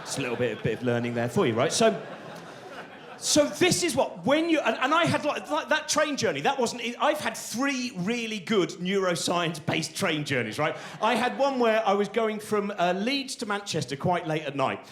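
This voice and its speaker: A middle-aged comedian telling stand-up stories, excitable and acting out the voices of people in them. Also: male voice, high-pitched, moderate pace. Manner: animated, excitable, acts out voices of people in his anecdotes. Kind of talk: stand-up storytelling.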